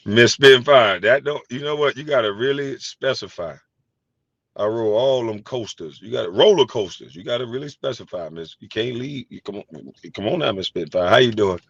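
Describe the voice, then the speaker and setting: A middle-aged man hosting a casual chat, telling animated, profane stories and laughing easily. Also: medium pitch, moderate pace, vocal fry, no echo. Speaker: host. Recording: dry, slightly dull sound.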